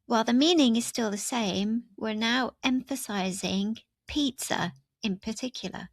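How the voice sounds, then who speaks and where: Slow, clear woman teaching grammar. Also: on the high side, dry recording. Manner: clear, step-by-step explaining with example sentences. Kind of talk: scripted grammar lesson.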